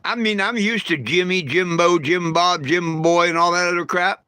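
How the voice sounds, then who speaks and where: An older man with a high, sharp, bright voice, recorded close and dry. He talks in a folksy, plain-spoken way and turns combative and crude when he answers his critics. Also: moderate pace, clean tone, no room sound. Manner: folksy storyteller with homespun grammar. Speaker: vlogger. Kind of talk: casual rant to camera.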